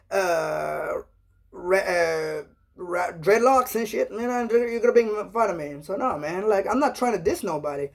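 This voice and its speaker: A man's voice: sits high, vocal fry. A man talking casually on a live stream, rambling and earnest, sprinkling his talk with "man" and "you know". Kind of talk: casual live-chat monologue.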